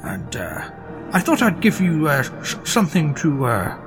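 A man voicing a gentle, rueful male dragon ghost in a mirror, speaking hesitantly with many fillers. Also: fairly high pitch, huge pitch swings, moderate pace, over music. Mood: apologetic.

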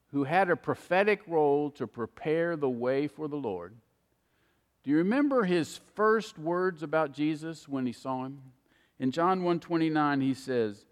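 A man preaching a sermon, repeating key words for emphasis with slow, deliberate phrasing. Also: on the high side, long reverb tail.

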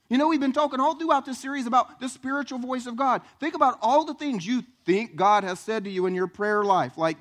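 A man preaching a sermon as pastor, animated, acting out voices and questions. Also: extremely high pitch, a little fast, few pauses. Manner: animated, acts out voices and questions, southern "y'all".

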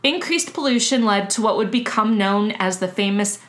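A woman's voice: medium pitch, animated, moderate pace. A woman co-hosting a casual history chat, telling the story with lots of fillers and restarts. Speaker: podcast co-host.

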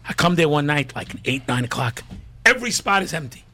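A middle-aged man co-hosting a radio talk show, joking and bantering in quick, animated chat. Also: a little high. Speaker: radio co-host and teacher.

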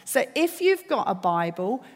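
A woman preacher with a slightly high voice delivers a sermon, stacking phrase after phrase to build her point. Her earnest tone rings out with a long reverb that hangs in the church hall. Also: very animated, measured pace, darkish tone. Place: church service.

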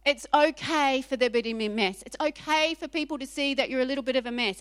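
Woman pastor, sermon, animated and emphatic, fairly high voice. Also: fairly quick, hardly any pauses, clean tone. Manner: animated, emphatic, repeats phrases for effect.

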